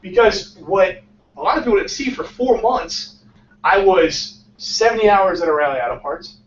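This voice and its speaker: A man in his twenties, a startup founder giving a casual motivational talk to a room, energetic and often tagging his points with "right?". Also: high-pitched, moderate pace, slight background noise. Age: 20s. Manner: energetic, peppers lines with "right?". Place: lecture room. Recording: echoey muffled room sound from far off.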